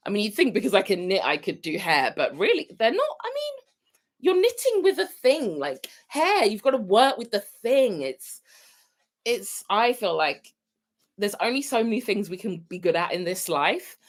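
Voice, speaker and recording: British woman vlogger, chatty and rambling, lively up-and-down voice, casual live stream host. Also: medium pitch, moderate pace. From United Kingdom. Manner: chatty, rambling, wanders off topic. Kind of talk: casual chat to viewers.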